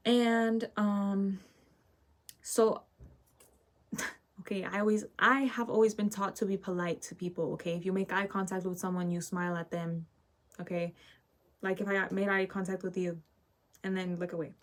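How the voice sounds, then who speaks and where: A woman's voice: mid-range voice, bright, forceful tone. A teenage girl telling a casual story while getting ready, ranting and full of fillers, often tagging lines with "okay?". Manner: ranting, filler-heavy, keeps asking "okay?". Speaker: vlogger.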